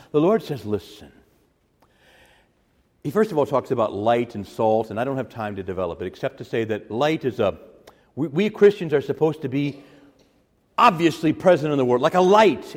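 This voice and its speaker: A man preaching a teaching sermon as a priest, animated, acting out quotes with sudden loud, high bursts. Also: long reverb tail.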